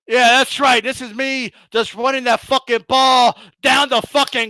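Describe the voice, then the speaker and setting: A man hosting a boxing channel, gloating and mocking his critics in a heated rant, swearing often and shouting at times. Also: very high-pitched, fairly even intonation, measured pace, dry recording. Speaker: boxing commentator and channel host.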